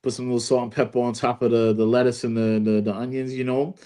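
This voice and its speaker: A man's voice: medium pitch, flat delivery, fast, warm tone. A man co-hosting a podcast in loose, joking casual chat, often tagging his lines with "you feel me". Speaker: podcast co-host.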